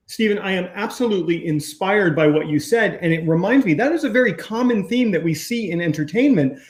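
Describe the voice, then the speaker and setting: A man in his thirties co-hosting a casual chat, telling stories with emphatic, animated delivery. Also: high-pitched, brisk. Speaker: co-host.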